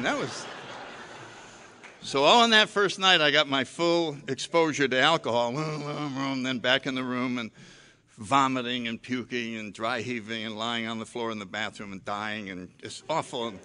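An older man telling a personal story about his drinking, animated and self-mocking, acting out his own past lines. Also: mid-range voice, normal speed, clean tone.

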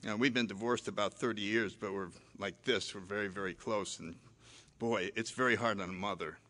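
An older man telling a personal story about his drinking, animated and self-mocking, acting out his own past lines. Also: fairly low pitch, brisk.

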